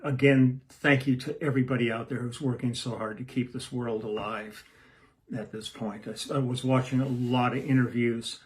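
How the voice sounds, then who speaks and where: A man's voice: medium pitch, fairly even intonation, normal speed, a little hiss or hum. Easygoing, rambling male musician. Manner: rambling, self-interrupting, easygoing. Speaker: musician hosting a home video series. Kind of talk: casual chat to camera.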